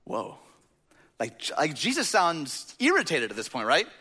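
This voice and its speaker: A man's voice: on the high side, wildly swooping pitch, unhurried, pushed and bright, husky. A man preaching a sermon in a conversational way, asking the audience questions and often saying "like". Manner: conversational, rhetorical questions, frequent "like". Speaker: pastor. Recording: reverberant hall.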